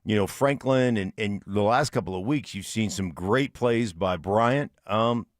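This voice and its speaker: A middle-aged former player on a sports talk show, his voice very low. He tells stories in a relaxed, teasing way, recorded close and dry in the studio. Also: unhurried, no room sound. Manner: laid-back, storytelling, dry teasing. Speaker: radio co-host, former player. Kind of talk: morning sports talk radio. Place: radio studio.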